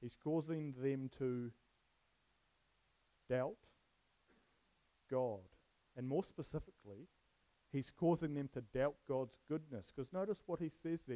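Mellow-voiced man preaching casually. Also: on the high side, normal speed, long pauses, rough recording. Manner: conversational and jokey, poses questions to listeners. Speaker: preacher teaching a Bible passage. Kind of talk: casual sermon with questions to the audience.

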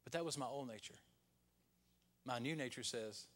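A pastor preaching a Sunday sermon, rising to loud peaks and dropping to hushed, whispered lines. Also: male voice, medium pitch, moderate pace.

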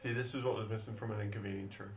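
A man's voice: lowish voice, fairly even intonation, rapid-fire. A man riffing on a film with friends, incredulous and chuckling. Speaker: film riffer. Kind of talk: casual mocking film commentary. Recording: dull lo-fi mic.

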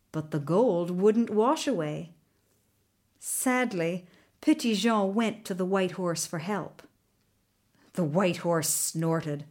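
A woman narrating a children's storybook in an expressive, animated way. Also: medium pitch, slow pace. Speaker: audiobook narrator.

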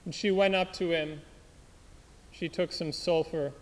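A man's voice: a little high, fairly even intonation, a little slow. A man preaching through a story in an earnest, dramatic way. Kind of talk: sermon storytelling. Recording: long hall reverb.

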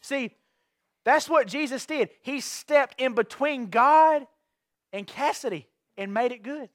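A pastor preaches in a strikingly high voice for a man. He is earnest, circles back over his phrases and keeps putting questions to the congregation. The sound is dry and close, with almost no room around him. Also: slow, no echo. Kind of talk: evening sermon. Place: church sanctuary.

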